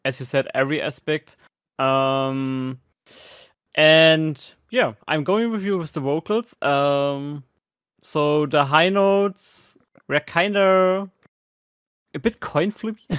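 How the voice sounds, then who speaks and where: Slow, hesitant German man. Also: fairly high pitch, fairly bright tone, clean tone, dry recording, clean studio sound. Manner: hesitant, many fillers and restarts. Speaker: podcast co-host. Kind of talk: casual chat reviewing performances.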